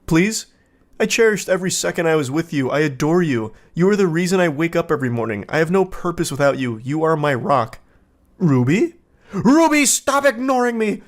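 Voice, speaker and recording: A man voicing an obsessive lovesick man who pleads and then rages, in a whiny, shrill tone. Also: lively intonation, a little fast, natural voice. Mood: pleading.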